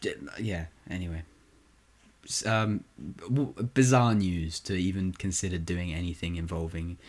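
A man's voice: low-pitched, fairly even intonation, measured pace, darkish tone. A man co-hosting a podcast in casual chat, joking and opinionated. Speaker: podcast co-host.

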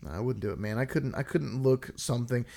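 A man's voice: medium pitch, fast talker, vocal fry, dark tone. A man co-hosting a casual podcast chat, speaking earnestly and repeating himself as he argues a point. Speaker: podcast co-host.

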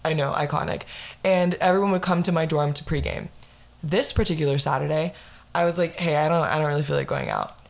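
A young woman in her twenties hosts a casual podcast chat. She tells her story in an animated way, swearing often and leaning on fillers, in a slightly low voice. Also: a little fast, gravelly. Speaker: podcast host.

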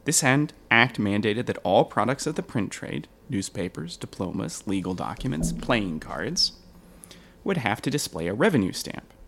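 A man who hosts a history podcast, explaining the past at length in a relaxed, joking chat and laughing easily. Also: fairly low pitch, moderate pace, heavy background noise.

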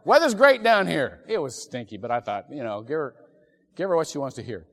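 Animated middle-aged male pastor preaching. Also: mid-range voice, fast. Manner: animated storytelling, laughing often. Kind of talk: sermon. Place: church sanctuary. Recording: echoey church hall.

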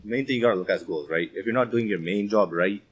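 A man co-hosting a casual podcast, chiming in with quick remarks. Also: fairly low pitch, muffled recording. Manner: quick interjections, laughs along. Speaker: podcast co-host. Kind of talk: casual chat.

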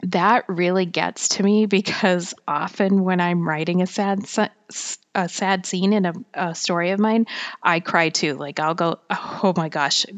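A woman's voice: fairly low pitch, fairly even intonation, unhurried. A woman writer talking alone on her podcast in a rambling, chatty way, with a slightly whiny voice, many fillers and frequent laughter. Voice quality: self-described whiny voice. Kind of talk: casual solo monologue.

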